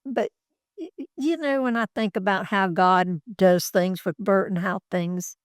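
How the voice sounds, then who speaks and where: A woman's voice: mid-range voice, unhurried, dry recording. Older woman, folksy storyteller, dry close sound, rambling delivery. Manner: folksy, rambling anecdotes with acted quotes. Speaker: interviewee, former executive assistant. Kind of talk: casual storytelling. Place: office.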